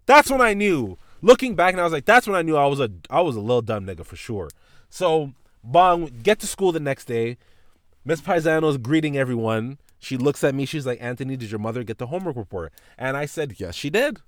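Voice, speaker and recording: Speaking a little fast in a mid-range voice, a male podcast host swears his way through a casual childhood anecdote, acting out his teacher and mom with animation. There's no room sound, just a clean studio recording.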